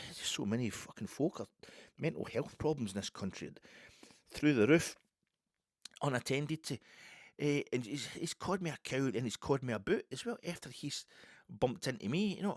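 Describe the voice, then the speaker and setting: A Scottish man in his fifties telling a rambling story in a casual monologue, full of restarts and sudden loud bursts. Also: medium pitch, expressive, fairly quick, breathy edge, no room sound, studio quality. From Scotland. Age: 50s. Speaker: podcast host.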